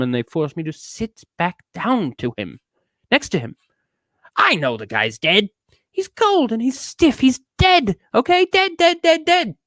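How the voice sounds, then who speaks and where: A streamer giving a theatrical reading aloud of a text, swinging into high outbursts and dropping to hushed asides. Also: no echo.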